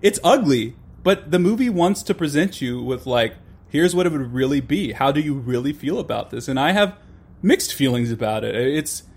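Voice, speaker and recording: Opinionated man talking fast in a casual chat. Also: on the high side, lively intonation, slightly rough. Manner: fast, opinionated, many restarts and fillers. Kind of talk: casual conversation about film and politics.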